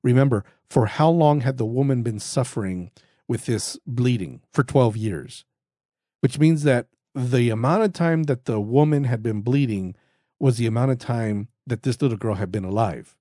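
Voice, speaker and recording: Earnest man teaching the Bible, mellow and dry. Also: medium pitch, normal speed, no echo. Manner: earnest, conversational, with frequent restarts and repetition. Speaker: Bible teacher and podcast host. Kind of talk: casual spoken Bible teaching.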